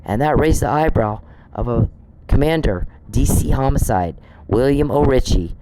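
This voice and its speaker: A man's voice: medium pitch, expressive, normal speed, dark tone, a little hiss or hum, poor audio. A man on a podcast, delivering an angry, profane monologue aimed straight at one person he scolds. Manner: indignant, profane, scolding someone directly.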